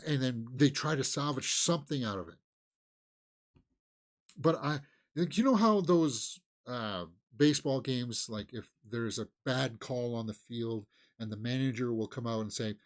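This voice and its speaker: A man hosts a casual movie news show in a rambling, unscripted way. He stops and starts a lot, filling gaps with "uh" and "um" and the odd sigh or chuckle. His voice sits at an ordinary middle pitch for a man. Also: expressive, unhurried. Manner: rambling, frequent fillers and restarts, sighs and chuckles. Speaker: movie news channel host.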